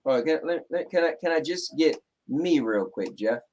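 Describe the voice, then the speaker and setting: A man with a New Jersey accent talks straight at the camera from his home. His voice sits high for a man, and he speaks bluntly and sarcastically in casual chat. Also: expressive, moderate pace, a little mellow, slight background noise, low-quality recording. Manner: blunt, sarcastic, repeats "right?". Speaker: show host.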